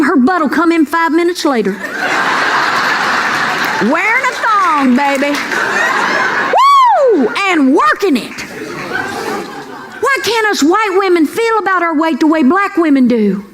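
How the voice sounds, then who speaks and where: A middle-aged woman doing a folksy, sassy stand-up routine, calling the crowd "girls" and asking for amens. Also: very high voice. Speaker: stand-up comedian. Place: comedy club stage. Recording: live stand-up with crowd noise. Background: audience laughter and room noise.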